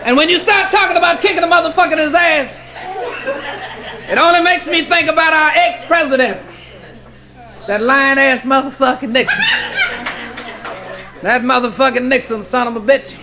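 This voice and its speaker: Very high-voiced shouting male comedian. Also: normal speed, pauses often, background noise. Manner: loud, shouting punchlines, profane. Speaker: stand-up comedian. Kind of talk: raunchy stand-up routine.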